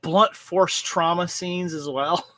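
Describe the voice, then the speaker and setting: Man, podcast co-host, rambling, enthusiastic, fairly high voice, bright tone. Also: fairly even intonation, takes it slowly, no room sound. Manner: rambling and enthusiastic, full of restarts. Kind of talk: casual chat reviewing movies and shows.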